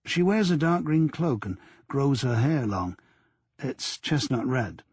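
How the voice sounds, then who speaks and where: A man's voice: mid-range voice, big pitch swings, takes it slowly, a little mellow, husky, no room sound, exaggerated voice. A man voicing an earnest, deferential young male detective sergeant in an audiobook. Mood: reporting.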